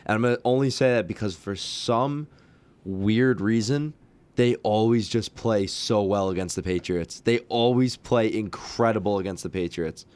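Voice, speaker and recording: A young man co-hosting a casual sports talk show, excitable and quick to protest when teased. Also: on the low side, clear, resonant tone. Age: young adult. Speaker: co-host.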